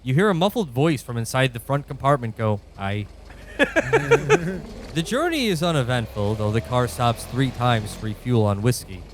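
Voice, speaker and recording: A man narrating a comedic tabletop game as game master, in a deadpan way that keeps breaking into laughter. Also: medium pitch, moderate pace, noisy background.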